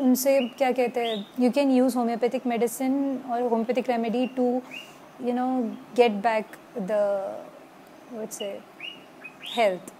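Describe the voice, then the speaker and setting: A woman with an Indian accent giving a casual online lecture, pausing often with fillers and mixing English with Hindi. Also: a little high, darkish tone, a little hiss or hum. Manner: hesitant, many fillers, switches between English and Hindi. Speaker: homeopathy lecturer.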